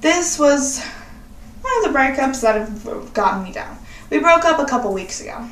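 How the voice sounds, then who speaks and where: A woman's voice: high voice, expressive, normal speed, a bit bright. A young woman vlogging in a casual, sassy, profane chat. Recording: roomy echo, distant from mic.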